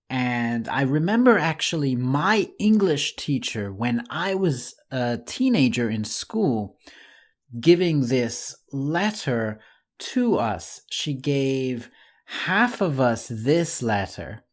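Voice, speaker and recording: Slow, patient male English teacher. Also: medium pitch. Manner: friendly and patient, addresses the viewer as "my friend". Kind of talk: slow, clear online English lesson.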